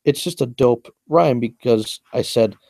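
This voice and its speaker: A young man talks through his own rap lyrics line by line, boasting and repeating himself as he explains each rhyme. His voice is warm and mellow, recorded close and dry. He speaks in a casual, meandering monologue. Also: mid-range voice, unhurried, creaky, no echo. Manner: boastful, repetitive, explains at length.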